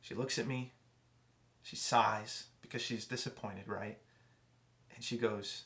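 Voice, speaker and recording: A young adult man giving a youth sermon, telling a personal story conversationally with many restarts and dropping quiet for emotional moments. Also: fairly low pitch, steady tone, takes it slowly, long pauses. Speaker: youth pastor.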